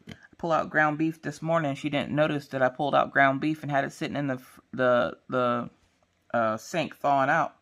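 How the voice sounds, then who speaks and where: A woman vlogging about diamond painting, chatting casually as she works and telling stories in a lively, slangy, playful way. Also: very deep voice, normal speed. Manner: acts out quotes in changing voices. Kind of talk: casual chat while crafting.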